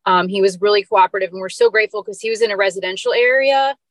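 A woman's voice: mid-range voice, steady tone, very fast, crowd noise. A woman guest on a podcast, telling a personal story in an earnest, emotional way with casual fillers. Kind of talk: personal story told in an interview.

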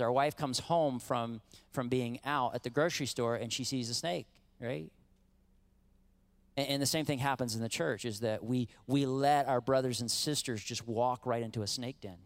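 This is a middle-aged pastor with a mid-range voice delivering a sermon. He's animated and conversational, acting out quotes and calling on the congregation.

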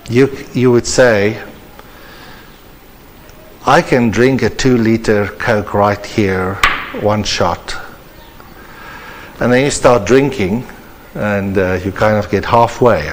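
Male preacher, earnest and deliberate, reverberant church hall. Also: medium pitch. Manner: earnest, measured, preacherly emphasis. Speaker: conference speaker. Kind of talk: sermon.

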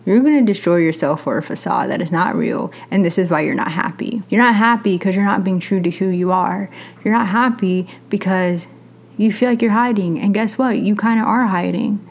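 A young adult woman hosting a podcast, telling a personal story in a candid, animated way and acting out other people's lines. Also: mid-range voice, moderate pace, creaky. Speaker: podcast host.

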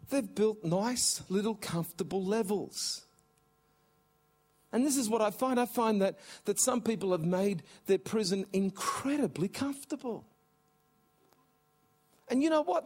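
A middle-aged male pastor preaching a sermon with passion, climbing to shouts at the high points. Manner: impassioned, rising to shouts.

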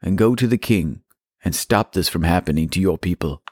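Man doing a sad serious uncle voice, low and urging, kids' bible story. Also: normal speed, darkish tone, slight background noise, natural voice. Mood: grieving. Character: grieving older male uncle, earnest.

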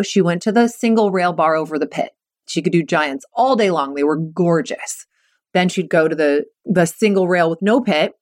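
A woman's voice: fairly low pitch, no room sound, clean studio sound. A woman mental performance coach talking energetically on a podcast, encouraging and acting out what kids and coaches say. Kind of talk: podcast monologue.

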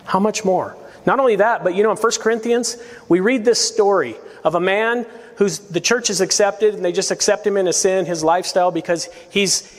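A man's voice: high-pitched, brisk. Man, pastor, earnest emphatic sermon, long hall reverb. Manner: earnest, emphatic preaching with rising appeals. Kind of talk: verse-by-verse sermon. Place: church sanctuary.

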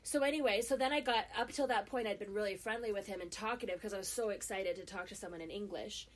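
A woman's voice: medium pitch, fast talker. A middle-aged woman, a guest on a talk show, telling a story in a casual way with lots of fillers and restarts. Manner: lively, with frequent fillers and restarts.

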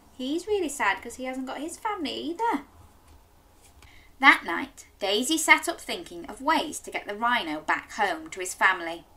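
Animated sing-song woman reading to little kids. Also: medium pitch, measured pace. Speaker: children's storyteller. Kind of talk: interactive story reading for children.

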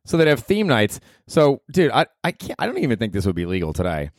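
A man's voice: mid-range voice, huge pitch swings, fairly quick, no room sound, clean studio sound. A man in his thirties hosting a solo podcast, telling rambling, profane stories and chuckling. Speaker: podcast host. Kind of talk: casual solo podcast monologue.

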